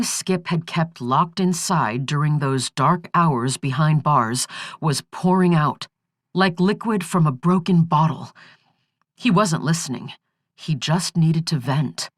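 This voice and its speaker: A woman narrates a thriller audiobook in a steady, even storytelling manner. Her pace is very slow and her voice sits on the low side. The recording is dry and close, with no room sound. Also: no echo. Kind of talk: scripted narration.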